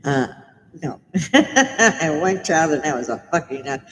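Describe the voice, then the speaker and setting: A woman's voice: low voice, very animated, normal speed, a bit bright. Middle-aged british-born woman ranting and cursing on a live stream, roomy reverb, bit of hiss behind her. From Britain. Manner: blunt, swearing, ranting. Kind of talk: casual livestream chat. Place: home bar.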